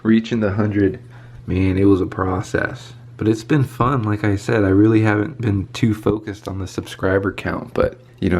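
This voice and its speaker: A man hosts his own YouTube channel in a casual check-in vlog, upbeat and laid-back as he celebrates reaching subscriber milestones. His voice is on the low side, steady and darkish at a normal speed, scratchy as if he just woke up, with slight background noise.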